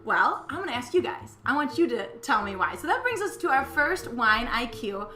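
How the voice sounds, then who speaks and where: A woman with a Midwestern accent, chatty and animated, presenting a wine lesson with slides and plenty of fillers. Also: a little high, normal speed, soft background music. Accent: Midwestern American. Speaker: wine school owner and teacher. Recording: echoey room with faint background noise.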